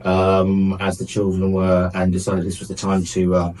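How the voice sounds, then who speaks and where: A man's voice: low voice, completely flat delivery, normal speed, darkish tone, poor audio. A man presenting a light-hearted radio chat, telling stories in a wry, joking way.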